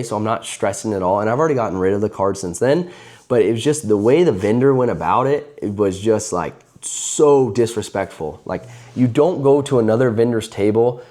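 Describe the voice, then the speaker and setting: A man's voice: medium pitch, warm tone. A man telling a casual, rambling story to camera about a card vendor encounter, with many fillers and restarts.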